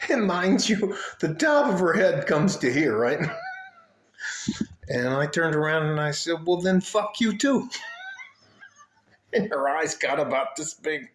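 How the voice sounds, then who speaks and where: A man's voice: a little high, huge pitch swings, slow, pauses often, fairly bright tone, roomy sound, slight background noise. A man chatting in a rambling, casual vlog outdoors by his house, swearing and laughing as he talks. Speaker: vlogger. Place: outdoors at home, by his car.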